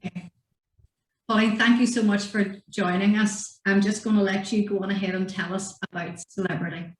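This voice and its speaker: A woman hosts an online event, moving speakers along at a brisk pace. Her voice has a middle pitch. There is a roomy echo around her on the video call. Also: steady tone. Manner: brisk, warm thanks to guests. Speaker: event host. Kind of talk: hosting a virtual event.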